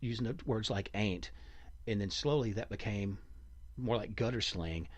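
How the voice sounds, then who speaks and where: A man with a Kentucky accent, hosting a podcast in rambling, animated casual chat. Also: on the low side, moderate pace. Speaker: podcast host.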